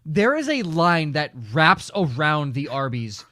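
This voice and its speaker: A man's voice: on the high side, big pitch swings, unhurried, a crowd in the background. A man co-hosting a fantasy football podcast, ranting and joking with lots of swearing and laughter. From North Dakota. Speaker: podcast co-host. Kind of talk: casual chat.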